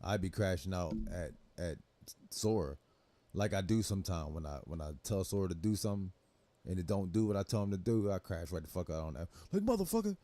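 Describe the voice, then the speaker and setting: A young man hosts a livestream, reacting to clips with loose, profane, laughing commentary. His voice sits low in pitch. The sound is dry and close, with no room around it. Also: fairly quick, warm tone, dry recording. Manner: loose, laughing, swears freely.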